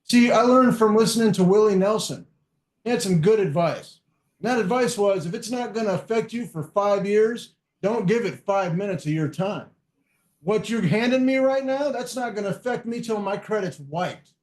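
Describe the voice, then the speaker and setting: A man telling profane, animated stories as a guest in a casual podcast chat. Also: sits high, moderate pace. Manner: animated, profane, acts out quotes. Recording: echoey room.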